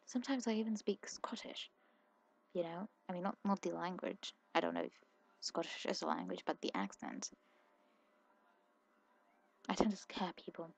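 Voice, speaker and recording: Woman from India, mixed Indian-British-American accent, sleepy soft-spoken ASMR talker, rambling and quick, lowish voice with plenty of fry. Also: big pitch swings. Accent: mixed Indian, British and American English. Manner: rambling, quick and self-correcting. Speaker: ASMR creator.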